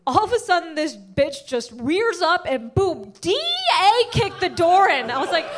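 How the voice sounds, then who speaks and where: A woman's voice: extremely high pitch, very animated, normal speed, slight background noise. A young adult woman performing a stand-up comedy routine, telling a story and acting out the quotes.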